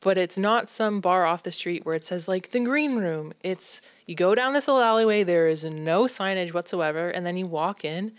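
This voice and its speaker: A woman co-hosting a podcast, chiming in playfully with quick remarks and sung bits. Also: on the low side, dry recording. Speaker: podcast co-host. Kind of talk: casual chat.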